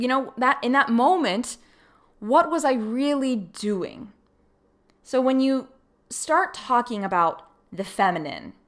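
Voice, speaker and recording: A woman hosting a solo podcast, telling a personal story in a casual, animated way and acting out her own thoughts. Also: on the high side. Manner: animated, acts out her own past thoughts, laughs easily. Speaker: podcast host.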